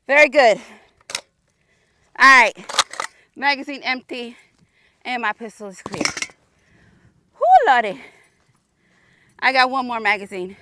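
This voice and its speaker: A woman's voice: fairly high pitch, animated, slow pace, long pauses, noisy background. A woman hosting a casual shooting range vlog outdoors, chatty and exclamatory, slightly out of breath from the humid heat. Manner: chatty and exclamatory, calls viewers y'all. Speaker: firearms channel host.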